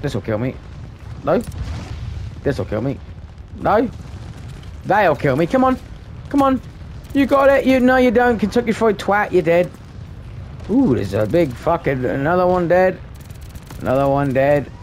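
A man's voice: high voice, huge pitch swings, a little slow, pauses often, a little hiss or hum. Swearing man ranting over gameplay. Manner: ranting, heavy swearing, frustrated. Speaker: gaming video creator. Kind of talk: live gameplay commentary.

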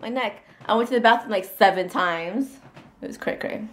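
A woman's voice: mid-range voice, brisk, fairly bright tone. A young pregnant woman chatting casually in a vlog, dropping Spanish words into her English talk. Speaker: vlogger.

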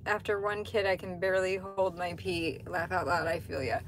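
With a fairly low voice that barely moves in pitch, a woman hosts a relaxed livestream from a truck cab at a normal pace. She reads viewers' comments aloud and answers them openly and chattily, cursing occasionally.

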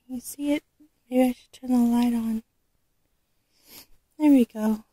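A woman with a sore, recovering throat, chatting casually as she unboxes a doll, halting with frequent ums. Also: fairly high pitch, steady tone, dark tone, husky, no echo, poor audio. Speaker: vlogger unboxing a reborn doll.

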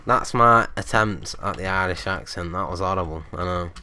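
A young man giving casual let's-play commentary, swearing freely and getting excitable. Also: sits low, normal speed, clear, resonant tone. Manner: casual, swears often, excitable when in danger. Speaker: gaming channel host.

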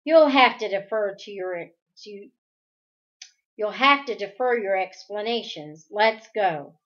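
A cold, insolent little boy under some dark control, as a woman reading a storybook puts him on. His words come out slow, flat and unfriendly, and the recording sounds dull and lo-fi. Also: mid-range voice.

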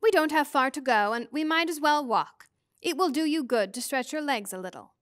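A woman's voice: sits high, animated, a little fast, no echo, studio quality. A woman voicing a kindly, motherly otherworldly old woman who reassures the children cheerfully.

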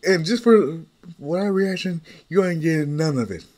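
A man's voice: fairly high pitch, moderate pace, a little mellow, pitched above the performer's own voice, close to an everyday voice. A man voicing a cocky young prankster who stammers, panics and boasts. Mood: boastful.

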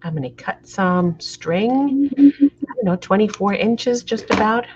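A woman's voice: medium pitch, lively intonation, slow pace, darkish tone, slight background noise. A middle-aged woman hosting a live craft tutorial, chatty and a bit flustered, often checking in with her viewers. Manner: apologetic, flustered by the camera framing. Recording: dull lo-fi sound.

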